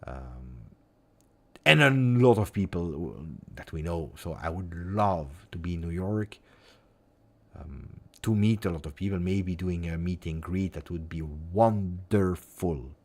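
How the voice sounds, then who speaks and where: A man's voice: low-pitched, lively intonation, measured pace. A man with an Italian accent who hosts a football channel, chatting casually and rambling expressively on a live stream with lots of fillers.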